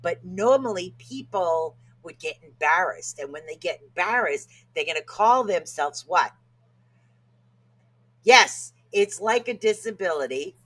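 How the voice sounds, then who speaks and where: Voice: medium pitch, animated, measured pace, a bit bright. A podcast co-host giving a casual self-help talk, joking and laughing at their own stumbles over hard words.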